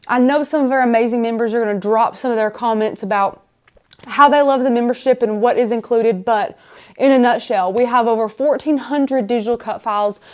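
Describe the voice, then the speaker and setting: A woman chats her way through a live craft tutorial. Her voice sits a little high, and she rambles happily from one thing to the next while she works. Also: darkish tone. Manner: chatty, bubbly, rambling. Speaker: host of a craft live stream.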